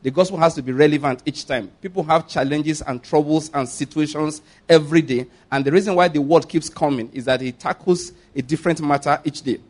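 A man preaching a sermon, reading scripture aloud slowly and with rising emphasis, then explaining it briskly and addressing the congregation directly. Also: a little high, darkish tone. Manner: addresses the congregation directly, asking them to repeat words. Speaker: pastor.

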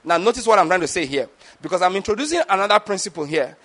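With a high, bright-leaning voice and a quick, expressive delivery, a pastor teaches through his sermon. He frequently checks that the audience is keeping up, putting questions to them and repeating words.

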